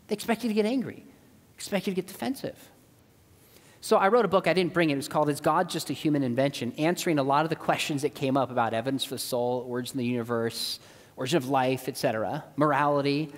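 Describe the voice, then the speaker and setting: Middle-aged guy giving a church talk, kinda high voice, lively storyteller, big echoey hall. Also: fast. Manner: animated, acts out dialogue in quoted voices. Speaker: apologetics speaker. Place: church auditorium. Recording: long reverb of a church hall.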